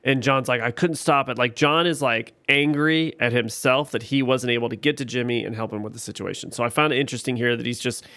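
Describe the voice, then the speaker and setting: A man with a smooth, resonant voice walks through a TV episode scene by scene in relaxed podcast chat. He is recorded close up on a dry mic with no room sound. He gets louder and more animated when something frustrates him. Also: mid-range voice, fast talker, few pauses, no room sound. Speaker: podcast co-host. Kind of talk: casual show recap chat.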